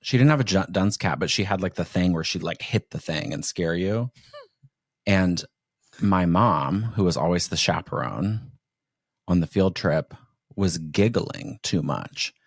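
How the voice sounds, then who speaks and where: Low gravelly-voiced podcast host. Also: male voice, unhurried, no echo, studio quality. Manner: rambling, animated storyteller. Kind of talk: casual chat.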